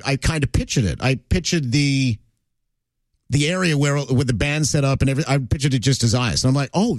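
A man's voice: medium pitch, no echo. A man hosting a radio show, chatting casually and telling stories with plenty of fillers. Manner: chatty, animated storytelling with frequent fillers. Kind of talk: casual on-air chat.

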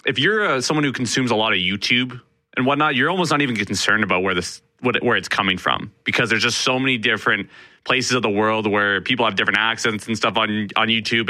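A young man from Canada chatting casually on a radio talk show, quick to slip into comic put-on accents. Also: on the low side, no room sound. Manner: animated, mimics accents with laughing bursts.

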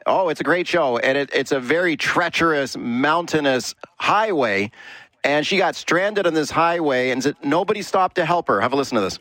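A man's voice: a little high, animated, moderate pace, fairly bright tone, dry recording. A man radio host, putting questions to listeners in a talk radio discussion.

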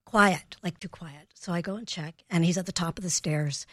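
A woman's voice: on the low side, moderate pace, fairly bright tone, no echo, clean studio sound. A woman, a parenting expert, telling stories on a radio talk show and acting out both sides of each conversation. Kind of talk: storytelling in a radio interview.

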